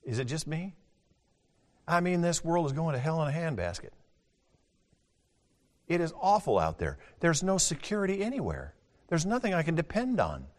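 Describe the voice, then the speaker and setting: An older man preaching a sermon as pastor, folksy, moving between booming scripture reading and quiet, chatty asides. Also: sing-song, moderate pace, long pauses. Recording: long hall reverb.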